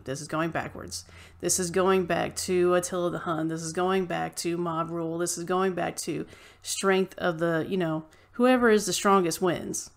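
A woman vlogger delivering an impassioned, ranting opinion monologue straight to her viewers. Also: fairly low pitch.

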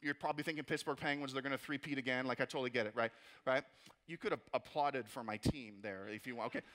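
A man preaching a sermon as pastor, energetic, asking rhetorical questions and tossing in playful asides. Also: medium pitch, fast talker.

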